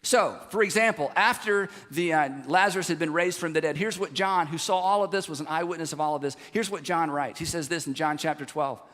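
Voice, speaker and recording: A man preaching a sermon, animated and conversational, throwing rhetorical questions to the congregation. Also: fairly high pitch, fairly quick, few pauses, long reverb tail. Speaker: pastor. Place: large church sanctuary.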